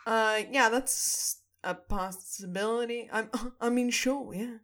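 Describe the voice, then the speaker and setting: A woman co-hosting a casual chat, retelling a story with lively acted-out quotes and frequent swearing. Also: fairly high pitch, slow pace. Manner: animated storytelling, acting out quotes, swears, laughs often. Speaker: podcast co-host. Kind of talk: casual chat retelling a ghost-hunting show.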